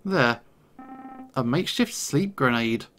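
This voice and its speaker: A man's voice: mid-range voice, animated, slow, fairly bright tone, faint music behind. A man voicing a knowing woman potion seller. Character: friendly woman shopkeeper and potion maker.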